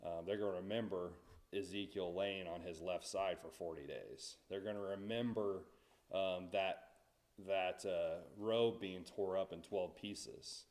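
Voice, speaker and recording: A man's voice: low voice, a little slow, darkish tone. A man teaching a Bible study in a church, talking conversationally and asking the class questions.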